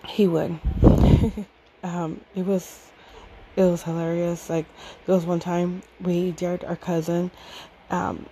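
Woman, 30s, low mellow voice, chatty fond storyteller, faint hiss behind. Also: little pitch movement, slow, pauses often, rough recording. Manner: rambling, fond, laughs often, many fillers. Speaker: podcast storyteller. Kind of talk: casual personal storytelling.

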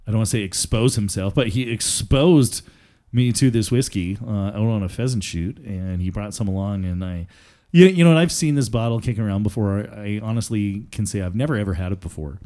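A man's voice: on the low side, brisk, warm tone. A man hosting a podcast in casual chat, joking and rambling with fillers. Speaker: podcast host.

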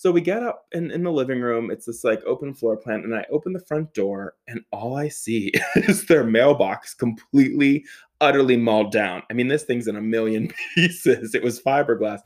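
A young man telling a comic personal story, animated, laughing often, swearing and making quick asides. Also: medium pitch.

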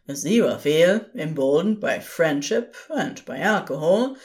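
A woman reads fan fiction aloud in a gentle, expressive way. Her voice sits a little low and moves through a wide, lively range. She takes her time over every line. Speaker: narrator. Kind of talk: podfic narration.

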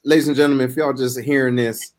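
A podcast host, lively and speaking directly to listeners on a live show. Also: medium pitch, fast talker. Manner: lively, addresses the audience directly.

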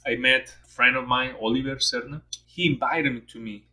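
Bright-voiced male podcast host. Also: mid-range voice, fairly even intonation, normal speed, poor audio. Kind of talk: casual interview.

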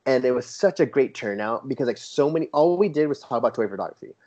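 Male guest, casual chat, eager storyteller, animated quoted voices, muffled lo-fi recording. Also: mid-range voice, fast talker. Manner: enthusiastic storyteller who quotes others in a lively, raised voice. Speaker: toy photographer guest. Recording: dull lo-fi sound.

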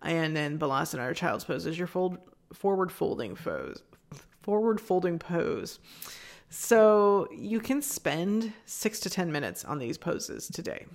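A woman's voice: fairly low pitch, sing-song, unhurried. A woman hosting a yoga podcast, teaching in a chatty, reassuring way with lots of fillers and asides, recorded in a small room at home. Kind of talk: casual spoken yoga lesson.

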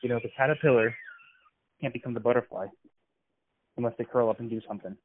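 A man's voice: mid-range voice, fairly even intonation, quick pace, a little hiss or hum. A man co-hosting a podcast, talking earnestly and motivationally, asking follow-up questions. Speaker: podcast co-host. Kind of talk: casual conversational coaching. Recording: tinny phone-like sound, dry.

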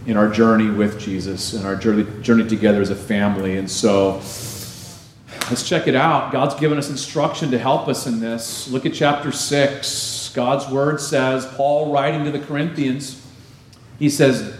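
A man preaching a sermon as pastor, lively and emphatic, slowing down to read scripture aloud. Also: mid-range voice. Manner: animated preaching, slows for scripture reading. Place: church. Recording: echoey church hall.

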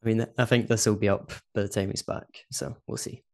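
A man's voice: on the low side, level tone, a little fast. A Scottish man co-hosting a podcast in casual chat, talkative and laughing often. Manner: chatty, laughs often, says "do you know what I mean". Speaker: podcast co-host.

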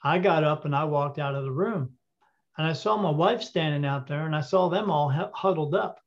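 A man telling a story as an interview guest, animated and acting out the dialogue, with frequent fillers. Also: fairly high pitch, moderate pace. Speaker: interview guest, intuitive reader. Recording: dull lo-fi audio.

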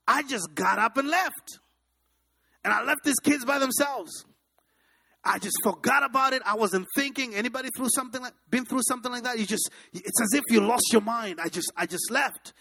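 High-voiced preaching man from Africa. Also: creaky, breathy edge. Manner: animated, dramatic, asks the congregation questions. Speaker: pastor. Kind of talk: sermon with personal storytelling.

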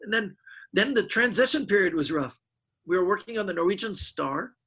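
A middle-aged man, a magician guest in an interview, telling animated stories and acting out the voices of people he quotes. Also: sits high, brisk, breathy edge, poor audio. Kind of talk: casual storytelling interview.

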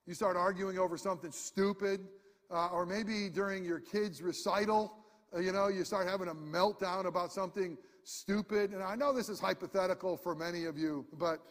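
A man preaching a sermon in a lively, conversational way with self-deprecating humor, speaking to a congregation in a church. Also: high-pitched, moderate pace. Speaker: pastor. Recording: hall reverb.

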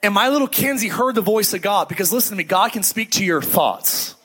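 A middle-aged male pastor preaching with a high, bright voice that rings out over the congregation. He talks in a loose, conversational way and slips into the voices of the people in his stories. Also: lively intonation, a little fast, slightly rough. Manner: conversational storytelling, acts out quoted voices. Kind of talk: sermon. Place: church sanctuary before a congregation. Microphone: handheld microphone.

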